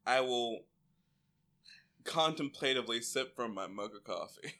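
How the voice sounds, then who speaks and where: A man doing a deadpan, weary dad. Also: medium pitch, a little slow, voice pushed down.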